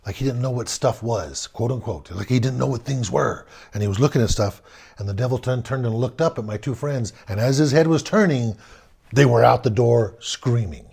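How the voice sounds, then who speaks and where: A man telling a spooky childhood story aloud, swinging between loud bursts and hushed tones. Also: medium pitch, moderate pace, creaky, breathy edge. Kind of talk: personal ghost story told aloud.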